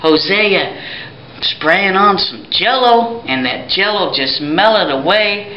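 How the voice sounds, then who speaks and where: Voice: mid-range voice, lively intonation, slow, slight background noise, pitched above the performer's own voice. A teacher voicing a wise old man who eagerly retells Bible stories for children, talking in breathless bursts. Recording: roomy, dull home video recording.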